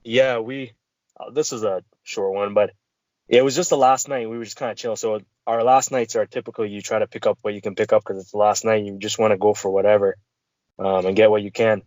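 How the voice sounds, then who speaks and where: A man's voice: lowish voice, steady tone, brisk, a little mellow, dry recording. A man co-hosting a podcast, chatting casually and laughing, laid-back as he chimes in with his own memories. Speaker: podcast co-host. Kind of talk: casual chat.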